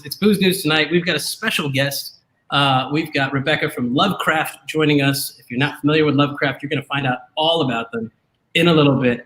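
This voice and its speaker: A podcast host runs a live drinking show, joking around and teasing his co-hosts with plenty of energy in a casual live-stream chat. His voice is on the high side, bright and forceful. The room sounds echoey.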